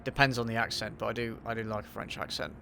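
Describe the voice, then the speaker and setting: A man's voice: on the low side, steady tone, fast talker, creaky, sharp tone, slight background noise. A man hosting a casual livestream Q&A while he plays a game, answering chat in an offhand, sweary way and muttering to himself mid-game. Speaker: YouTube host.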